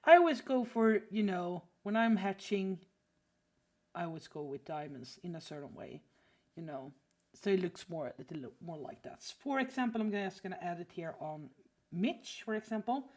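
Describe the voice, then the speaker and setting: A woman's voice: on the low side, expressive, moderate pace, a little mellow. A woman teaching drawing on a casual livestream, chatty and full of fillers, often apologizing while she reads chat. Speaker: art streamer teaching drawing.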